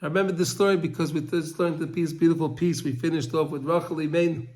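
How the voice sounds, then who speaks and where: Male Torah teacher, high voice, emotional storytelling, stumbling repeats, acts out cries. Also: fairly even intonation, fast, darkish tone. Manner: emotional storyteller, repeats words and restarts, cries out quoted pleas.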